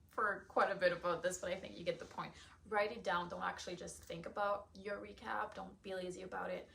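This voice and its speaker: Chatty young woman with a gravelly edge. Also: mid-range voice, a bit bright, slight background noise. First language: not English. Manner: chatty, encouraging, laughs often. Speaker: podcast host and nutrition coach. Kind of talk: casual solo podcast.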